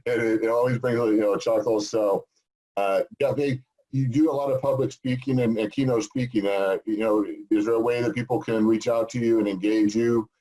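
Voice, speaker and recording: A man co-hosting a casual interview, folksy and quick to laugh, stumbling over restarts. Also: medium pitch, fairly even intonation, dark tone, poor audio. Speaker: co-host, former football player.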